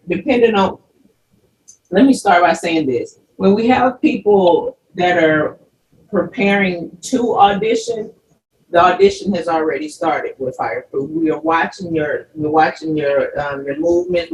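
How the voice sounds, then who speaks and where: A slightly high-voiced man talks through a casual interview, explaining at length and often restarting his sentences. He sits well back from the mic in a roomy, echoing space. There is a faint hiss behind him. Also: far from the mic. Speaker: guest from a film company.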